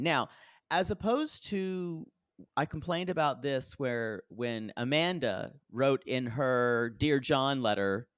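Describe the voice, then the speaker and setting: Animated sarcastic man recapping TV. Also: mid-range voice, takes it slowly, clean tone, no echo, clean studio sound. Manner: animated, sarcastic retelling with voiced quotes. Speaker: podcast co-host. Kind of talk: casual chat recapping reality TV.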